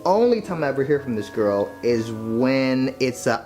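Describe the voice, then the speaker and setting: A man's voice: medium pitch, moderate pace, faint music behind. A man telling a comedic story as a YouTuber, acting out the voices of the people he quotes. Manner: animated, acts out quoted voices.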